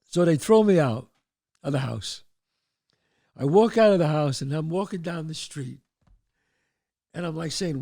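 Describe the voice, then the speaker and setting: A man in his sixties with a New York accent tells a story from his past. His pitch is fairly high for a man and swings up and down as he acts out the people in it, shouting their lines. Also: unhurried, long pauses. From the Bronx, New York. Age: 60s. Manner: animated storyteller, shouts out quoted voices. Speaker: show host. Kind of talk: storytelling monologue.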